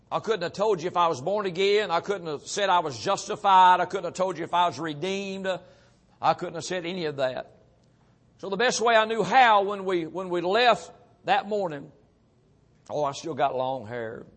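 A middle-aged man preaching, telling his own testimony earnestly and often dropping to a hushed voice. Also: a little high. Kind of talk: sermon testimony.

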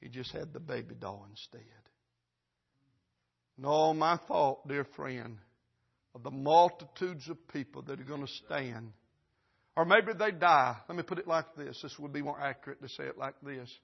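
A man preaching in church, his voice sitting high as he tells a vivid story and acts out every character. He swings from loud, urgent passages to hushed, near-whispered lines. The recording sounds dull and lo-fi. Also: moderate pace, vocal fry, husky. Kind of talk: sermon illustration story. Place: church service.

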